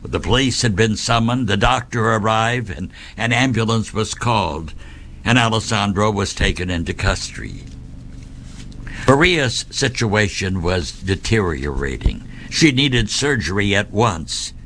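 A man narrating a saint's life story in a measured, deliberate way, with dramatic pauses. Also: lowish voice, lively intonation, fairly bright tone, a little hiss or hum.

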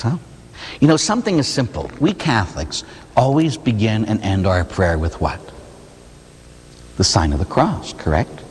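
Catholic priest man preaching, lively ups and downs, bit husky, big echoey church. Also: fairly low pitch. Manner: animated, storytelling, rhetorical "huh?" asides. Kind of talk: sermon. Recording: long hall reverb.

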